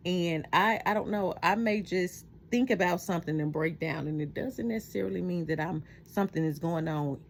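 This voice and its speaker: A middle-aged woman talking heartfelt and reflective in a personal vlog at home at night, halting often with fillers. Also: on the low side, creaky, slight background noise. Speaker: vlogger.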